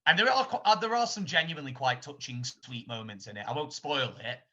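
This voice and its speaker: A man co-hosting a casual film podcast, rambling and animated as he retells scenes, often laughing. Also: mid-range voice, brisk. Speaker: podcast co-host. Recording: dull lo-fi sound.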